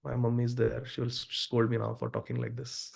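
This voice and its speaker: Earnest male teacher, mid-pitched voice with a gravelly texture, lecturing to a devotional class. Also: monotone, fairly quick, a little mellow. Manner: earnest, addresses listeners directly. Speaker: Bhagavatam class speaker.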